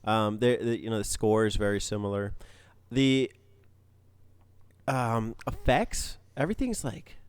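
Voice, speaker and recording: A man co-hosting a gaming podcast, talking in a relaxed, rambling way with plenty of fillers. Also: lowish voice, unhurried, smooth, no echo. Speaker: podcast co-host. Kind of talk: casual gaming podcast chat.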